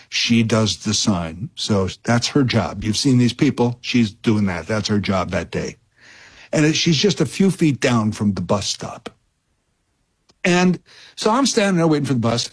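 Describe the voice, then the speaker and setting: A man filling in as radio host, chatting and telling a story in a rambling, self-interrupting way that grows animated. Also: medium pitch, husky. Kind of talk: casual radio talk and storytelling.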